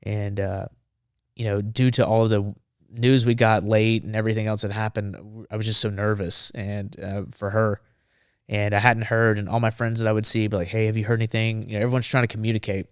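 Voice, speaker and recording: Smooth-voiced man telling a war story. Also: fairly low pitch, brisk, no room sound, studio quality. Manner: animated, acts out the dialogue. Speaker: former Marine, podcast guest. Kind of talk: casual storytelling.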